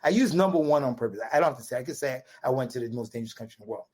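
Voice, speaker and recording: A man from Brooklyn with a New York accent, a podcast guest telling a story in an animated, casual way and often tagging his sentences with "right?". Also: medium pitch, very fast, husky. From Brooklyn, USA. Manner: animated, repetitive restarts, quotes dialogue with "right?" tags.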